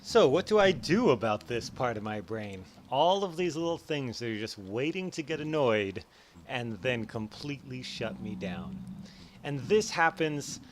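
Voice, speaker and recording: A man explaining psychology in a casual, animated way over gameplay, acting out his own thoughts in quick bursts. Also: medium pitch, background noise. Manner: animated, acts out his own inner voices. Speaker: educational YouTuber.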